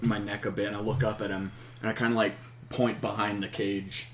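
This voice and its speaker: A man's voice: lowish voice, level tone, a little fast, a bit bright, roomy sound. A man playing a tabletop game, describing his moves in a loose, rambling way. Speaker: player. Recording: noisy room.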